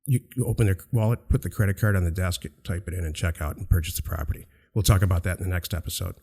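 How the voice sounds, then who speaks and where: Man, very low voice, warm mellow tone, emphatic, teasing co-host. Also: steady tone, quick pace, gravelly, few pauses, breathy edge. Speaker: podcast co-host. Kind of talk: casual radio-show chat and instruction. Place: outdoors near a beach.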